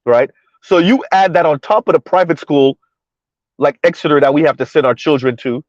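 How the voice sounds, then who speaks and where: A man with a fairly high voice chats casually to his viewers from the driver's seat, repeating his points and laughing between them. The sound is dry and close, with a dull, muffled lo-fi edge. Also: fairly quick, no room sound. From South Florida. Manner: chatty, talks to viewers, repeats himself, laughs often. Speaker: commentary vlogger. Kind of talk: casual commentary while driving. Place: in a car driving through floodwater.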